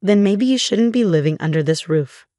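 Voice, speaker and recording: A woman's voice: mid-range voice, lively intonation, moderate pace, mellow, no echo, clean studio sound, close to an everyday voice. A woman reading the lines of a reproachful mother in a storybook narration. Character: cold, tearful middle-aged mother.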